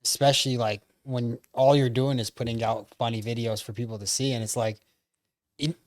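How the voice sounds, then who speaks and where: Halting young man, dry close mic. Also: mid-range voice, fairly even intonation, no echo. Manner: halting, restarts sentences, many fillers. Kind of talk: casual chat.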